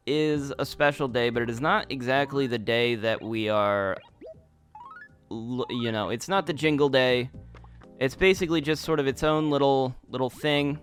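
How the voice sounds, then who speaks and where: A man's voice: medium pitch, unhurried, a bit bright, faint music behind. A man casually commenting on his game as he plays, rambling and chatty with lots of restarts. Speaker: gaming YouTuber.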